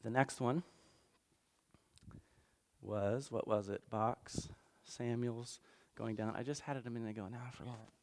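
A man's voice: mid-range voice, fairly even intonation, unhurried, long pauses, a little mellow. A man preaching a casual sermon recap in a conversational, self-deprecating way, acting out little voices. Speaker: pastor.

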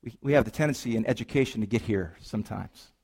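A man's voice: on the low side, quick pace, gravelly, a little mellow, slightly rough. A man preaching a sermon as pastor, reading scripture and then riffing on it with playful asides and rhetorical questions to the congregation.

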